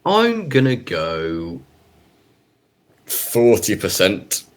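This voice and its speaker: A man's voice: fairly low pitch, wildly swooping pitch, very slow. Chatty man chiming in on a podcast. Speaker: podcast guest. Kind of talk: casual chat.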